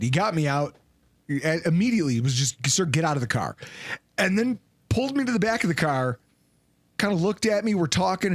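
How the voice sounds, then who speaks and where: A man hosting a casual sports podcast, his voice sitting a touch high and jumping around a lot as he tells animated stories. The sound is dry and close, with no room in it. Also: no echo. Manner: animated storyteller, swings pitch for emphasis and quotes. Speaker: podcast host.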